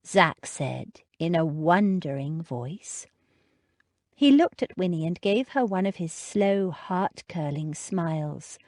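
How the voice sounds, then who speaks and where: Expressive woman narrating a romance audiobook. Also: fairly low pitch, no echo, clean studio sound. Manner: expressive, measured. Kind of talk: scripted narration.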